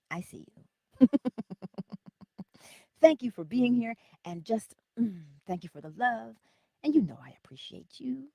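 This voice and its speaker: A woman hosting a casual livestream, laughing often and greeting her viewers by name, calling them honey, with a lively and unhurried manner. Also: fairly high pitch, creaky, no echo, clean studio sound. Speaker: livestream host.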